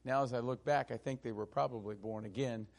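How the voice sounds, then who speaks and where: A man preaching a sermon as pastor, stressing key phrases slowly and often pausing on fillers. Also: medium pitch, fairly even intonation, vocal fry.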